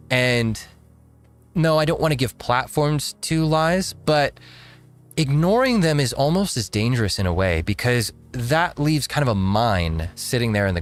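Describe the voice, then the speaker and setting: Rambling man with a chatty laugh. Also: medium pitch. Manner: rambling, laughs often, restarts. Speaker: host reacting to videos. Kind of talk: casual live-stream reaction.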